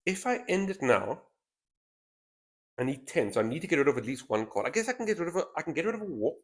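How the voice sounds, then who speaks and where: A man talking through his turns in a solo board game, voice rising and falling with a lively, animated range. He weighs options out loud in relaxed, casual commentary. He speaks into a thin headset boom mic. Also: quick pace. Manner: thinks aloud, weighing moves. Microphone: headset mic with a straw-like boom.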